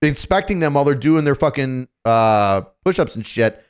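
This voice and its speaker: A man telling stories on a casual podcast, profane and animated, acting out what people said. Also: mid-range voice, moderate pace, clear, resonant tone. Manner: profane, animated, acts out shouted quotes. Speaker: podcast co-host telling a story.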